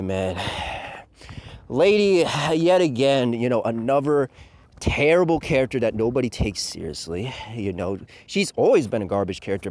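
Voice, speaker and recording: A man's voice: medium pitch, darkish tone. A man giving a profane, ranting review commentary full of fillers and laughs.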